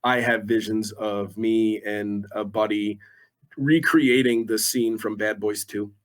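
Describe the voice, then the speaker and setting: A man's voice: lowish voice, steady tone, slow pace. A man in his forties, a radio DJ guest, chatting casually in a laid-back, self-deprecating way. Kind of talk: casual chat.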